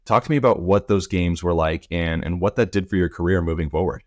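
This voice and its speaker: A man's voice: deep voice, quick pace, a little mellow, dry recording. A man hosting a sports podcast, reading an upbeat intro and then asking interview questions. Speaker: podcast host.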